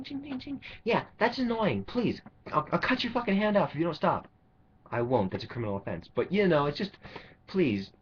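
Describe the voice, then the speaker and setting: Guy ranting and swearing about people, sarcastic, husky voice, lively pitch, dull lo-fi audio. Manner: angry, profane, sarcastic, rambling. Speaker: vlogger. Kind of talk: ranting monologue. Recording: dull lo-fi recording.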